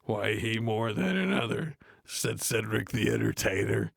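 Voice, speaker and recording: An actor playing a gruff, blunt adult metal frontman, reading a play aloud in a deadpan, grumbling way and mocking the text. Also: on the low side, unhurried, no echo, clean studio sound, full character voice. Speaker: reader of a play. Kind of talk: comedic read-aloud with running complaints.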